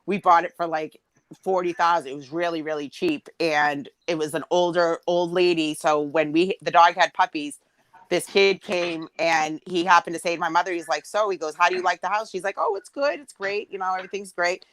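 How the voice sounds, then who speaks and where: A woman's voice: lowish voice, steady tone, moderate pace, no echo, poor audio. A woman in her forties telling a long personal story in casual chat, rambling with many fillers and acting out quotes. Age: 40s.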